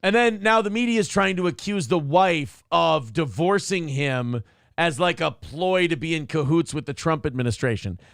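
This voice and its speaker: A man's voice: a little high, expressive, normal speed, creaky, a bit bright, no room sound, clean studio sound. A man co-hosting a talk show, chatting casually and profanely with sarcastic, mocking asides. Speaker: morning show co-host.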